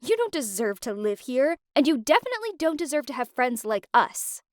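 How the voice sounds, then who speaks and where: A woman voicing a jealous, spiteful young woman in an animated story, with a sarcastic, cutting manner. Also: sits high, brisk, no room sound, studio quality.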